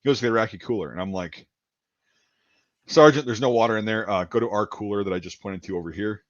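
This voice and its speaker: A man's voice: fairly low pitch, fast, no echo. Rambling man telling army stories. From Wisconsin. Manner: rambling, repeats words, acts out dialogue. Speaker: podcast host. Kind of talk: casual storytelling chat. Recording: dull lo-fi dry sound.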